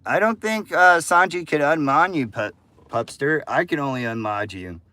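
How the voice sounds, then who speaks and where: A man's voice: a little high, moderate pace, pushed and bright, no room sound. A man live-streaming, talking casually with his viewers in a profane, combative rant. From United States. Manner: profane, combative ranting at chat. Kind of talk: casual livestream chat with viewers.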